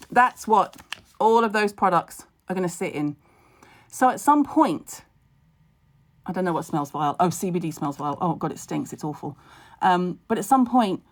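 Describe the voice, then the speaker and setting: A skincare expert in her forties chats casually on a live stream from home. Her medium-pitched voice comes across blunt and wry, full of quick asides and jokes.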